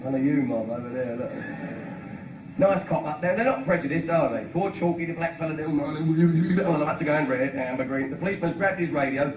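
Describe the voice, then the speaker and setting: A man's voice: a little high, a little fast. Stand-up man in a distant, echoey room. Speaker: stand-up comedian. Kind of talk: stand-up storytelling. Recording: echoey, noisy live recording from far off.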